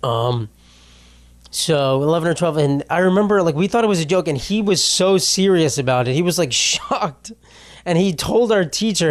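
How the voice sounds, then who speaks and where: A man's voice: sits high, expressive, moderate pace. Rambling, swearing young man hosting a podcast. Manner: rambling, self-deprecating, swears often and laughs mid-sentence. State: tearful after a loss. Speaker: podcast host. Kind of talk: casual solo podcast monologue.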